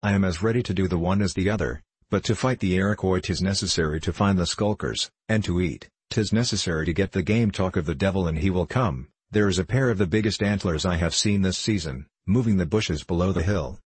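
A man's voice: low-pitched, a little fast, few pauses, husky, dry recording. A man reading the lines of a seasoned, boastful frontier scout with folksy old-fashioned speech in an audiobook.

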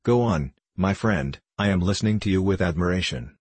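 A man's voice: deep voice, animated, a little fast, a little mellow, slightly rough, dry recording. A man reading the part of a shrewd, ironic grown male musketeer in an audiobook, politely dry in manner. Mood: mock-admiring.

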